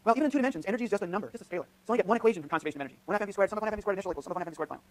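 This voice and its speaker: A man's voice: sits high, lively intonation, rapid-fire. A man lecturing on physics in a lecture hall, thinking aloud with frequent restarts and "right?" checks as he runs a live demonstration. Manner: thinks aloud, many restarts and tag questions. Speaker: physics professor.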